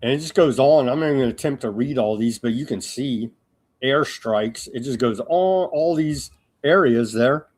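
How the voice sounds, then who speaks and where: A man's voice: medium pitch, moderate pace, a little mellow. A man hosting a live political news commentary show, talking in a sarcastic, mocking way with lots of fillers and restarts.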